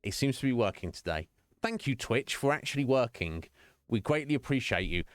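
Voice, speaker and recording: A man's voice: medium pitch, expressive, fairly quick, dry recording. A man streaming live, chatting casually and jokingly with his viewers in a rambling way. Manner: rambling, jokey, chatty, addresses viewers by name.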